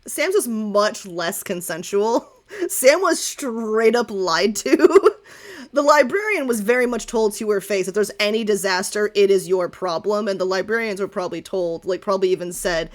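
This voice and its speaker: A woman running a tabletop game as game master, chatty and quick to laugh. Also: mid-range voice, animated.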